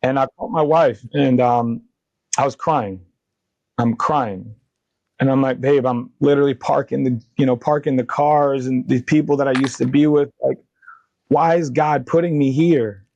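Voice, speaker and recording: A man in his thirties speaks earnestly as a podcast guest, recounting his past and acting out conversations with lively energy. His voice sits at a middle pitch. The sound is dry and close, with no room echo. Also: normal speed, creaky, highs cut off. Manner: earnest, animated retelling of dialogue, faith-driven. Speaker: podcast guest, company founder. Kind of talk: candid interview storytelling.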